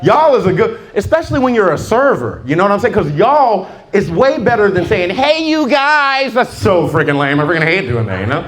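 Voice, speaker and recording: Animated stand-up comedian, lively pitch. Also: male voice, a little fast, hardly any pauses. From Southern California. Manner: lively storytelling, full of voices and asides.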